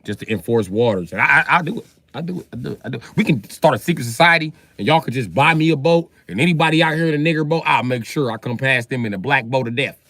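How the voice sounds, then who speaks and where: A male comedian doing a crude, brash stand-up bit, loudly acting out characters and exchanges. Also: medium pitch, dry recording.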